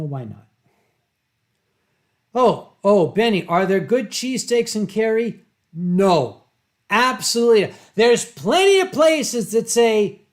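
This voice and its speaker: Theatrical man chatting on a webcam stream. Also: extremely high pitch. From Pennsylvania, USA. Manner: theatrical storyteller, drawn-out dramatic emphasis. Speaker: livestream host. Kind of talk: casual livestream chat, reading viewer comments.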